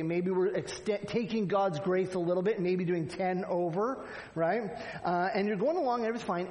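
High-voiced preacher in a reverberant hall. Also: male voice, a little mellow. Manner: conversational preaching, frequent "right?" asides, acts out quoted lines. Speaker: pastor. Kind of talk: sermon.

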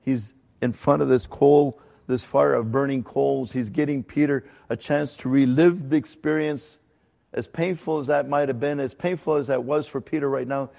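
A man pastor delivering a sermon in an earnest, conversational teaching manner, slowing to stress key points. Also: medium pitch, steady tone, vocal fry, warm tone. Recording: long hall reverb.

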